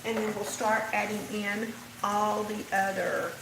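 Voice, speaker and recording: A woman's voice: medium pitch, flat delivery, a little slow, vocal fry, echoey room, background noise. An older woman with a Texan Southern drawl, hosting a casual livestream from her home kitchen, chatting and answering viewer comments as she cooks. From Texas. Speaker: host. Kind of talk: casual livestream cooking chat.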